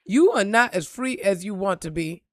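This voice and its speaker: A woman giving an impassioned, profane motivational talk on a live stream, repeating lines and building to shouts. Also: mid-range voice, lively intonation, moderate pace, dry recording, clean studio sound. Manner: preachy, profane, rising to shouts.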